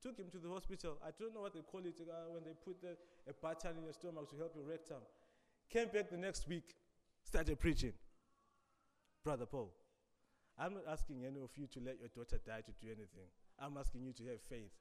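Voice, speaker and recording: A man preaching a sermon, dramatic, swinging between loud emphasis and quiet asides. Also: on the high side, a little fast, in a large hall.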